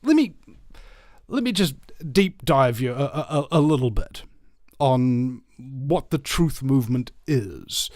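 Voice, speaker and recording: Halting New Zealand radio host, dry sound. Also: male voice, medium pitch, animated, darkish tone, dry recording. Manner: rambling, halting with many uh fillers and restarts. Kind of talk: casual radio monologue.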